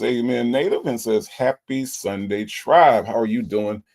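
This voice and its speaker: A man's voice: medium pitch, a little slow, a little mellow. A man hosting a livestream, greeting viewers by name and reading their chat comments aloud in a casual, sing-song way. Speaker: livestream host.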